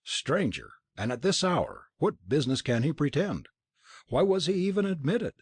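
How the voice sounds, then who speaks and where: A man's voice: fairly high pitch, very animated, moderate pace, breathy edge, dry recording, clean studio sound, voice pushed up, exaggerated voice. A man voicing an arrogant Italian prince who speaks haughtily, impatiently and with scorn. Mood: indignant. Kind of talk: audiobook character reading.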